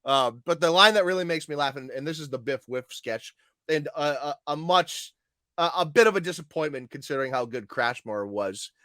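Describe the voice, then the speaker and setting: A man co-hosting a casual podcast chat, laughing often and quoting lines in animated bursts. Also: fairly high pitch, normal speed, no echo, studio quality. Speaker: podcast co-host.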